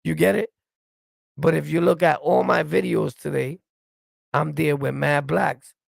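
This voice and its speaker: On a dry recording, a gravelly, higher-pitched man speaks at a measured pace, ranting heatedly at his livestream chat as he reacts and answers. He is middle-aged, hails from New York City, and has a New York accent. Blunt and confrontational, he curses freely and keeps repeating "you get it?"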